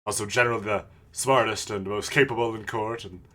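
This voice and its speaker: Woman doing a deep-voiced showy defense lawyer. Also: fairly even intonation, a little fast, a bit bright. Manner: low put-on "deduction voice", theatrical. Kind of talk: fan voice-over of a game.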